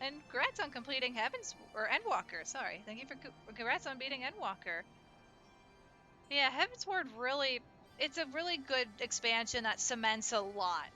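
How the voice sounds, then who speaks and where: A woman's voice: fairly high pitch, pushed and bright. A woman streaming a story game live, chatting with viewers as she plays and laughing often. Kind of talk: live let's-play commentary.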